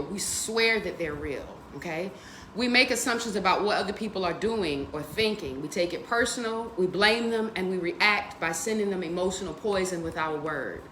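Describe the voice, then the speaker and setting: A woman in her forties hosting a book reading stream, telling stories in a lively, profane way and laughing often. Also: medium pitch, roomy sound, slight background noise. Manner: animated, profane, laughs a lot. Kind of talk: casual storytelling and book discussion.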